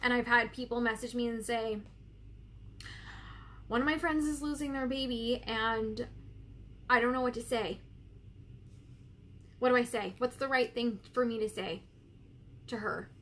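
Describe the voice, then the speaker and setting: Woman host, thirties, crying but pushing through; blunt, sweary, talks straight to viewers, a bit high-pitched, faint room noise. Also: measured pace, long pauses, fairly bright tone. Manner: candid and emotional, swears freely, speaks to viewers directly. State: tearful, crying while talking. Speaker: business coach hosting a live stream. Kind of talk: live-stream coaching talk, reading comments.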